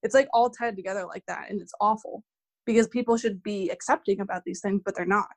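A woman's voice: mid-range voice, steady tone, fast. A young woman in her twenties, a graduate student appearing as a podcast guest, who talks casually and agreeably with lots of "like" fillers. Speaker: guest, neuroscience PhD candidate. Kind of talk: casual conversation.

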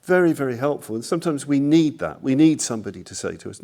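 An older man gives a Buddhist Dharma talk in a mellow, warm voice of middling pitch. He rambles and repeats himself, fills his pauses with "you know", and pokes gentle fun at himself as he goes. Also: lively intonation. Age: 60s. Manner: rambling, self-deprecating, many fillers. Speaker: Buddhist teacher.

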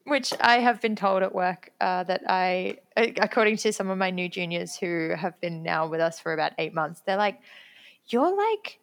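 A young adult woman chatting casually, telling work stories quickly and acting out the quotes with lively energy. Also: on the low side, clean tone. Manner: quick, animated storytelling, acts out quotes. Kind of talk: casual chat.

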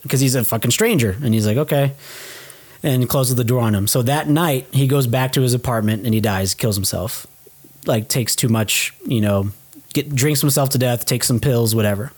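Animated young man retelling a film. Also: mid-range voice, moderate pace, slightly rough. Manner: animated retelling, swears casually, acts out quoted lines. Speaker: podcast co-host. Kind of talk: casual film recap chat.

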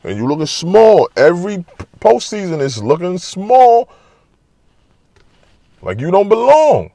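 A man giving a casual, animated, trash-talking basketball monologue full of slang. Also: high-pitched, unhurried, no room sound. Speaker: basketball commentator. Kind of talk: casual sports talk monologue.

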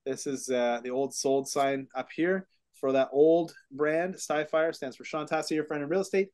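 A man's voice: on the high side, steady tone, moderate pace, darkish tone. A man hosting a real estate podcast, telling a self-mocking story in a rambling way with many fillers. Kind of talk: casual podcast chat.

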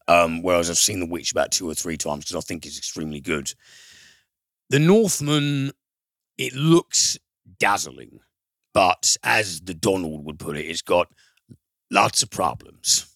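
A man's voice: low-pitched, creaky, a bit bright, no echo. A man reviewing a film in casual chat, rambling and profane, with frequent fillers and restarts.

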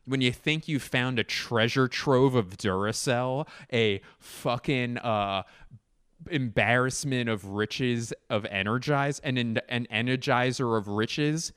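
A man's voice: mid-range voice, animated, measured pace, a bit bright, clean tone, dry recording, clean studio sound. A man hosting a solo comedy podcast, rambling and swearing as he wanders around his home. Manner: rambling, profane, self-mocking. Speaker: podcast host. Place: indoors at home, walking around.

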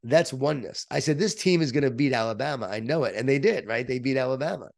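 A middle-aged man, an author being interviewed, telling stories in an energetic, emphatic motivational way. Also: medium pitch, fast talker, creaky. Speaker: author and guest. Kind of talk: interview, storytelling.

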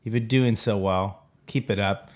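A man with a somewhat low voice co-hosts a casual sports podcast. He rambles and stumbles through restarts, getting animated as he goes. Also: a little slow. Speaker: podcast co-host.

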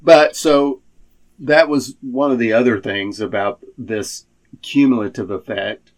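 A man's voice: medium pitch, unhurried. A man co-hosting a casual political chat, wry and prone to restarting his sentences.

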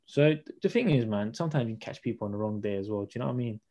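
Man, young, fast-paced, mellow voice, slangy storyteller. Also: lowish voice, animated. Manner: slangy, storytelling, acts out dialogue. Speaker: podcast guest, personal trainer. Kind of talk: casual chat.

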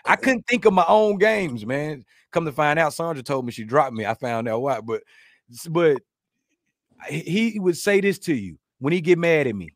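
A man hosting a podcast, chatting casually, joking, rambling through stories and giving shout-outs to listeners. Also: on the high side, animated, moderate pace, dry recording, studio quality. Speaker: podcast host.

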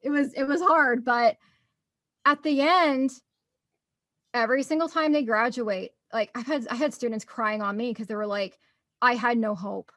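A woman's voice: fairly high pitch, moderate pace, a bit bright, no room sound, studio quality. A young woman telling stories in a casual chat, bubbly and laughing often.

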